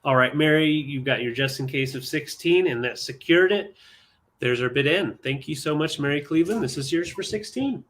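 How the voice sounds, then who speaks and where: A man's voice: a little high, moderate pace, fairly bright tone. Easygoing man co-hosting a live sale. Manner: easygoing, joking banter. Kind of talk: live online sales chat.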